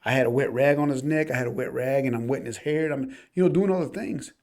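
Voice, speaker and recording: A man's voice: mid-range voice, quick pace, a little mellow. Earnest man telling a story. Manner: earnest, emphatic, addresses listeners as y'all. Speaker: podcast co-host. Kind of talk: casual storytelling chat.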